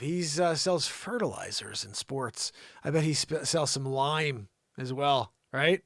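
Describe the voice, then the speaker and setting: A man hosts a live talk show, riffing comically with excitable bursts and muttered asides. His voice sits a little high for a man and has a gravelly edge. The sound is dry, with no room around it. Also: moderate pace, dry recording. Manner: excitable, riffing, swings between loud outbursts and muttering asides. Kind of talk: improvised comedic commentary on photos.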